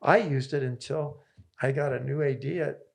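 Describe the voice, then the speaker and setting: Gravelly older coach, fired up. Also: male voice, mid-range voice, fairly even intonation, normal speed. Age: 70s. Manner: enthusiastic, repetitive rallying phrases. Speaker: tennis coach. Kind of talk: interview guest storytelling.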